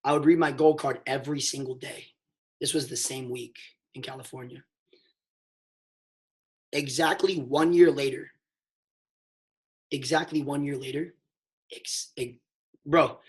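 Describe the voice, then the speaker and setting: A man telling a motivational story on a mentorship call, emphatic and excitable, swinging between hushed and loud and calling listeners "bro". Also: mid-range voice, measured pace, pauses often. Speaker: network marketing mentor.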